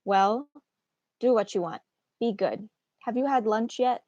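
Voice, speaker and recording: A woman's voice: a little high, measured pace, dark tone, no echo, lo-fi sound, natural voice. A woman reading aloud as a grumpy, tired older nurse who complains and dodges questions. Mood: teasing. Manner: complaining, sighing. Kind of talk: read-aloud of a play.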